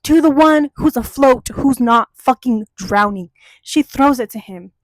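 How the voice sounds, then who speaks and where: A young woman with a slightly high voice tells a childhood story in a loose, chatty way. She swears often and gets worked up as she goes. The recording is close and dry, with no room sound. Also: measured pace, no room sound. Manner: animated, swears freely, gets heated. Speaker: podcast host telling a childhood story. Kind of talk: casual storytelling chat.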